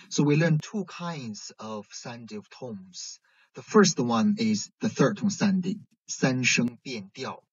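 A man teaching a language lesson, explaining slowly and checking in with "right?". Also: mid-range voice, a little mellow, breathy edge. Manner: slow, careful explaining with frequent "right?" checks. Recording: dull lo-fi recording.

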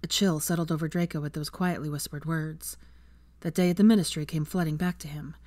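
A fan fiction reader narrating a chapter aloud in a calm, steady way. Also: mid-range voice, brisk, dry recording, studio quality. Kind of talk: reading a novel aloud.

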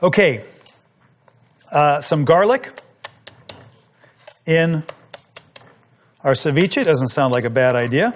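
A man's voice: a little high, expressive, takes it slowly, long pauses, a little hiss or hum. Man explaining as he cooks. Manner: explanatory, talks while working. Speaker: cooking show host. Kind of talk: cooking demonstration.

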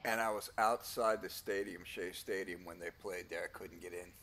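An older man in casual chat with his gaming group, talking in a measured, reasonable way. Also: deep voice, steady tone, a bit bright. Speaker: game player.

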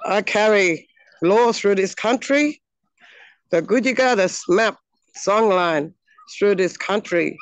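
A woman from the Northern Territory of Australia with an Australian accent, speaking in an earnest, halting way with frequent pauses, giving a heartfelt personal address outdoors. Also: mid-range voice, expressive, dry recording, poor audio. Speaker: speaker at a launch event. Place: outdoors on her home land.

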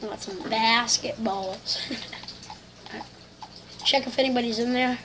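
Woman, gamer, live commentary, excitable, complaining, slangy, slightly high pitch. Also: measured pace, background noise.

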